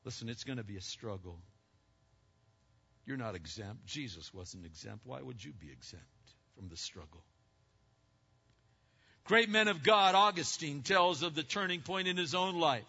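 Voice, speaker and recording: A preaching man with a bright voice in a reverberant space. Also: animated, moderate pace, long pauses, breathy edge. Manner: preaching with swings between loud emphatic highs and hushed lows. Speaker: pastor. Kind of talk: sermon. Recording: muffled lo-fi sound with long reverb.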